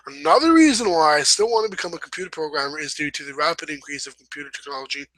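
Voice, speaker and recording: A young man with a bright, forceful voice pitched a little high, talking through a writing lesson in a relaxed, rambling way. He stops to correct himself and apologize as he goes. The sound is dry and close, with no room echo. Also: rapid-fire. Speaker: host. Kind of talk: casual instructional talk.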